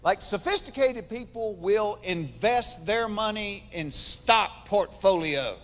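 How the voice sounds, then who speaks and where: A man's voice: sits high, animated, slow pace, hardly any pauses, fairly bright tone, long reverb tail. A man from Georgia with a Southern accent performing a folksy stand-up comedy routine on a theater stage. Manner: folksy storytelling with voices. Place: large theater stage before an audience.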